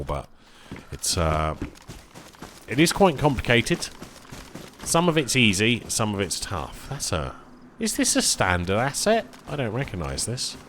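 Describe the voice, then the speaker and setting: A man chatting casually while streaming a survival game, tired and rambling, easily excited by small finds. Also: sits low, a little hiss or hum. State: tired, yawning. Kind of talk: casual live-stream commentary.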